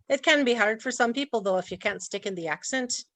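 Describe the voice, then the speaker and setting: A woman's voice: a little high, moderate pace, no room sound. A woman presenting an online training talk in a chatty way, laughing often. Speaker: workshop presenter.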